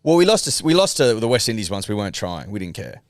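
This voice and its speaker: Australian male co-host, low, animated deadpan, dry close recording. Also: fast talker, no echo. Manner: deadpan, insistent and self-defending. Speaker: podcast co-host. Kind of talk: casual banter.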